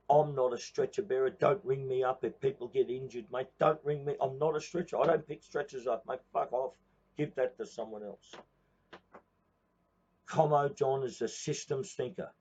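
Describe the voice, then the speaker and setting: A man's voice: medium pitch, dark tone, husky, dull audio. An Australian man from Queensland giving a blunt, profane, confrontational address to his viewers. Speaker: protest movement speaker.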